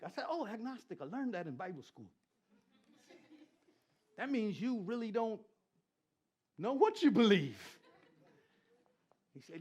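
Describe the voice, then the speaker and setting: A middle-aged man preaching a sermon as pastor, animated, repeating phrases and joking with the congregation. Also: high-pitched, measured pace, long pauses. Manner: animated preaching with repetition and crowd banter. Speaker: pastor and Christian rapper.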